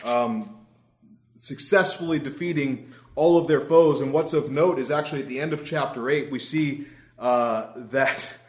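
A man's voice: mid-range voice, measured pace, a little mellow. A young adult man preaching a sermon in a conversational, wry storytelling way. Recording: roomy echo.

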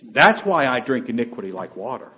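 An impassioned male preacher delivering a sermon. His pitch rises and falls in lively swings, and he shifts from ringing emphasis to near-hushed asides. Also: fairly quick.

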